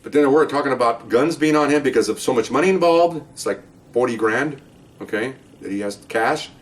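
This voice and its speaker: A middle-aged man telling police stories in casual storytelling style, animated and acting out the dialogue. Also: fairly quick. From Latino. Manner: animated, acts out dialogue with raised pitch. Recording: voice a bit far from the mic.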